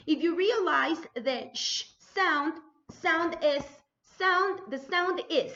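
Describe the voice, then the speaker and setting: A woman teacher gives a spelling dictation, enunciating each word slowly and carefully, then saying it again. Her voice sits high and swings widely in pitch. The recording sounds dull and lo-fi. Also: lively intonation, fairly bright tone. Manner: slow, careful enunciation of words; repeats words for students.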